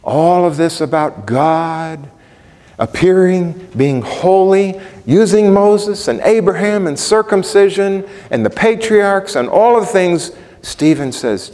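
A man's voice: mid-range voice, animated, slow pace, a little mellow, big-room sound. A man preaching a sermon, emphatic and building in intensity through repetition. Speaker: pastor.

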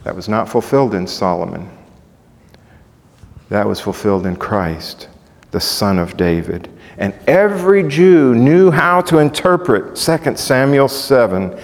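Man preaching with dramatic rising shouts. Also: medium pitch. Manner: rising to loud dramatic shouts when quoting cries; asks the congregation rhetorical questions. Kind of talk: sermon. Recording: long hall reverb.

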